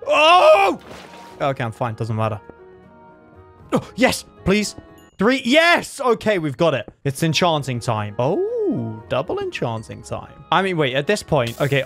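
A man giving excitable gameplay commentary, yelping and laughing at his own game. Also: medium pitch, moderate pace, faint music behind. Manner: excitable, yelps and laughs, self-mocking. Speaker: gaming YouTuber.

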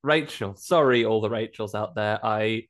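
A man's voice: lowish voice, normal speed, fairly bright tone. A man co-hosting a casual podcast, making wry jokey asides about a horror film. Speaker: podcast co-host.

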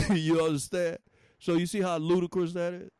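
This man delivers an informal sermon in a folksy, animated style, laughing often and addressing his listeners directly. His voice is high-pitched and smooth, his pace is normal, and there's no room sound.

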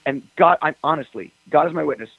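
Man, rock singer guest, gravelly husky voice, a bit high, animated storyteller, dry tinny phone line. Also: fast talker, no echo. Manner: animated, acts out phone calls in quoted voices. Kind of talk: casual storytelling interview.

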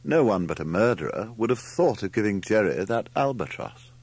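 A man's voice: fairly low pitch, very animated, moderate pace, darkish tone, husky, exaggerated voice. A man voicing a superior young man in an audiobook who lectures with a deprecating air. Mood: lofty. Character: lofty, know-it-all young man, elder brother.

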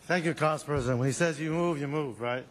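A man's voice: on the high side, fast, big-room sound. A man on a city council formally presenting a certificate of recognition. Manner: formal, reads a proclamation. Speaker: council member presenting an award.

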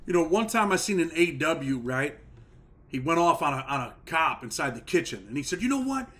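A man hosts the conversation in casual street slang, drawing his guest out with leading questions. His voice sits a little higher than most men's. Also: lively intonation, fairly quick, sharp tone. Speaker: podcast host, former prisoner. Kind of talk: casual interview chat.

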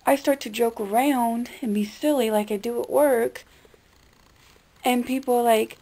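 A woman's voice: on the high side, fairly even intonation, measured pace, mellow. A young woman vlogger talking bluntly and defensively, swearing freely in a casual rant. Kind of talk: casual ranting vlog.

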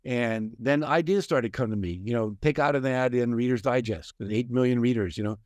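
An older man appearing as a guest success coach tells stories in a conversation, animatedly acting out the voices of the people he quotes. His mid-range voice moves a little fast, and the recording is dry.

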